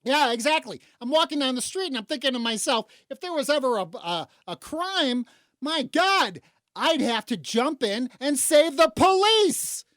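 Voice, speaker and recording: A woman from Chicago hosting talk radio, delivering a sarcastic, indignant rant that swings between low mutters and loud outbursts. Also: expressive, moderate pace, no room sound, studio quality. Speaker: radio talk show host.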